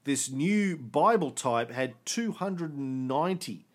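A man hosting a casual history podcast, explaining events with quick jokes and the odd swear word. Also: mid-range voice, expressive. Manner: jokey, swears, quick asides. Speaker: podcast host.

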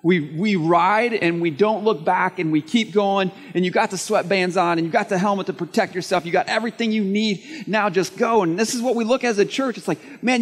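A male pastor preaching a sermon to his congregation, lively and conversational. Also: high voice. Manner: animated preaching, dropping to a soft prayer voice. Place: church service, room of listeners. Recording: long hall reverb, faint music.

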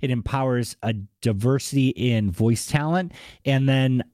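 Sitting in as an interview guest, this Bostonian keeps things chatty, ending remarks with "like" and "right?" again and again. He speaks a little slowly at medium pitch, with a darkish tone and clean studio sound free of echo.

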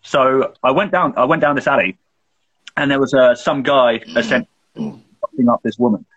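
This young man co-hosts a podcast and tells a long story in loose, rambling casual chat, swearing freely between fillers. His voice is husky, and the recording sounds muffled and lo-fi. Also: medium pitch, normal speed, fairly bright tone. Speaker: podcast co-host.

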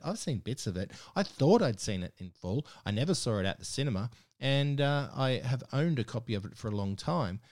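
A man's voice: mid-range voice, a little mellow, no echo, clean studio sound. A man hosting a podcast, casually reviewing a film in a chatty way with frequent fillers and restarts. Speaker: podcast host.

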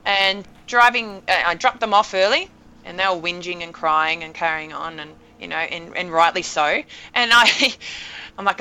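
Woman, thirties, animated storyteller, lowish voice, muffled recording. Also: normal speed, clear, resonant tone. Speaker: podcast guest. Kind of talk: casual storytelling.

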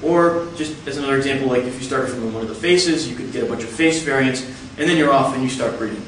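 Man lecturing, measured step-by-step explanation, very echoey hall, picked up from a distance. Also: mid-range voice, fairly bright tone, slight background noise. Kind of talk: explanatory talk.

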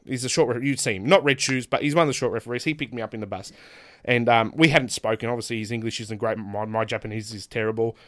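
A man's voice: mid-range voice, steady tone, fast, a bit bright. A man, a pro wrestler, telling stories on a casual podcast, laughing often and acting out quotes in different voices.

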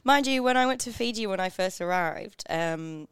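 A woman's voice: mid-range voice, expressive, normal speed, a crowd in the background. A woman from England co-hosting a casual podcast chat, telling stories, laughing often and mimicking other people. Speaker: podcast co-host.

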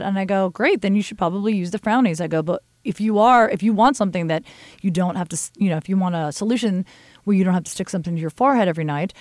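A middle-aged woman hosting a podcast, telling stories in a candid, animated way and swearing freely. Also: medium pitch, quick pace, no room sound. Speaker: podcast host. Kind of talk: casual chat.

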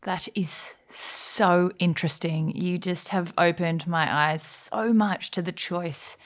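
A woman hosting an interview, speaking in a slow, warmly impressed way. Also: on the low side, steady tone. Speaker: podcast host. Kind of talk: interview talk.

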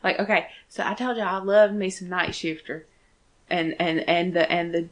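A woman's voice: lowish voice, steady tone, normal speed, highs cut off. A woman co-hosting a casual fan podcast, talking animatedly, swearing freely and acting out characters' lines. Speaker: podcast co-host.

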